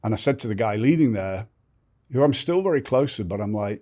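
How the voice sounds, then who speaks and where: A man's voice: on the low side, expressive, brisk, mellow. An older man telling his life story candidly as a podcast guest, blunt and swearing freely, often restarting sentences.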